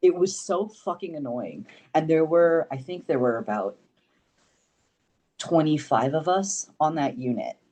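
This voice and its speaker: A young man, a podcast guest, telling stories in casual chat, animated and swearing freely. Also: fairly high pitch, unhurried. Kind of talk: casual storytelling.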